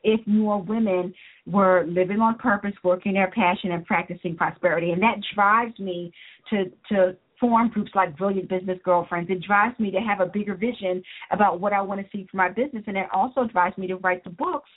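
A woman's voice: medium pitch, fairly quick. A woman business coach and author, speaking earnestly and motivationally as an interview guest. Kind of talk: interview guest on a talk show. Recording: tinny phone-line sound.

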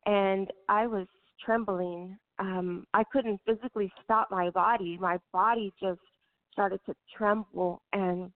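A middle-aged woman tells an emotional personal story, halting and full of fillers and restarts. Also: medium pitch, steady tone. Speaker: guest recounting a personal story. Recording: tinny phone-line audio.

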